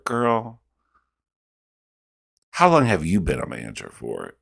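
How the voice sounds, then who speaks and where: A man with a very low voice hosts a reaction video. He tells stories in casual, animated commentary full of swearing. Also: a little slow, vocal fry, pauses often. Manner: profane, animated storytelling.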